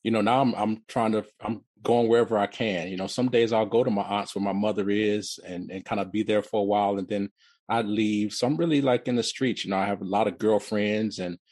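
A man in his fifties, originally from Detroit, telling his life story as an interview guest in a halting way, often repeating and restarting words. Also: lowish voice, fairly even intonation, a little mellow, no room sound. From Detroit, USA.

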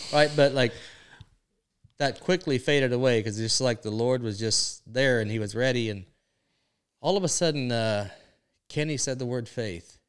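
A man's voice: medium pitch, slow, pauses often, clean tone. A man sharing a faith testimony on a podcast, telling his story earnestly and tying it together with lots of "and, uh". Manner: earnest storytelling, many "and, uh" links. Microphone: podcast microphone.

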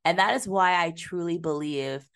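A woman's voice: on the low side, normal speed, a bit bright, clear, resonant tone. A woman co-hosting a podcast, chatting casually about a movie, swearing freely and slipping into mocking impressions. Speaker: podcast co-host. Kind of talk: casual movie-review chat.

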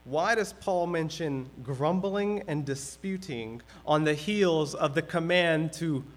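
Male pastor, higher-pitched voice, conversational sermon delivery. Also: takes it slowly. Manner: conversational preaching, acts out everyday complaints.

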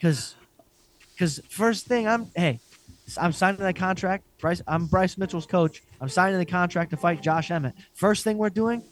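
A podcast co-host rants and jokes through casual chat, swearing a lot in excitable outbursts. His voice is high-pitched at a normal speed.

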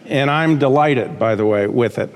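A man's voice: medium pitch, normal speed, in a large hall. A man preaching a sermon as pastor, talking conversationally with asides and checking in with the congregation.

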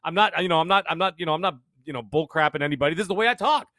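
Canadian man in his fifties, quick energetic guest, slightly high voice, dry close sound. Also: dry recording. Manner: fast, energetic storytelling with frequent restarts. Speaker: podcaster guest. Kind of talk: casual interview chat.

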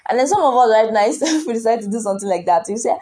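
Husky-voiced woman preaching earnestly. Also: on the high side, lively intonation, racing, warm tone. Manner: earnest, repeats words, asks rhetorical questions. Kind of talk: sermon.

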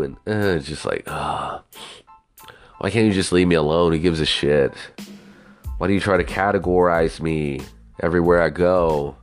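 A man from the United States speaks in a low voice that still swings widely up and down as he rambles. His talk is casual and profane, and he keeps turning to the listener with "you know what I mean?". Soft music plays faintly behind him. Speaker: monologuist.

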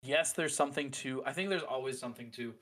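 A man talks casually as a podcast co-host. His voice sits at an ordinary middle pitch. He is animated and opinionated, and his talk is loose and full of fillers. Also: fast. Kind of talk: casual chat.

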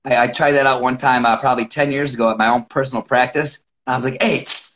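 Animated middle-aged man telling coaching stories. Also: medium pitch, quick pace, a little hiss or hum. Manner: animated storyteller, acts out his own shouts. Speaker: wrestling coach. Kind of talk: casual podcast chat.

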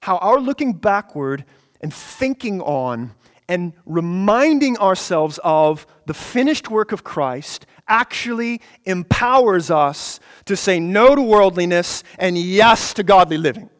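A man preaching a sermon, emphatic, repeating phrases for stress and building to passionate peaks. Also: high-pitched. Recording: long hall reverb.

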